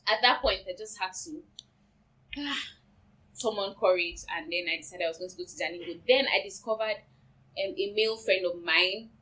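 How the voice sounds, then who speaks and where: A young woman with a Nigerian accent, casually telling her side of a love story, lively and often laughing. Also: mid-range voice, normal speed, poor audio. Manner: lively, laughing, quotes herself and others. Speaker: co-host.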